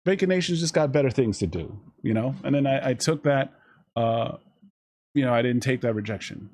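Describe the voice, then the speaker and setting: A man streaming live, giving casual, profane, rambling life advice to his chat and slipping into quick mock voices. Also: medium pitch, animated, a little mellow.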